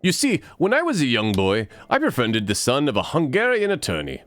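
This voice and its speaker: A man's voice: mid-range voice, wildly swooping pitch, a little fast, fairly bright tone, no room sound, voice pushed up. A man voicing an overeager male bird who owns a chocolate shop, speaking floridly in a put-on foreign accent. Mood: gushing.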